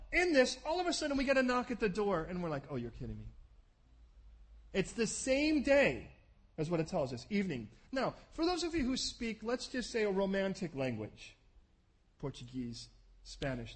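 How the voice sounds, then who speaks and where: A man preaching a sermon, telling the story in an animated way and acting out the scenes with quick asides to the congregation. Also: sits high.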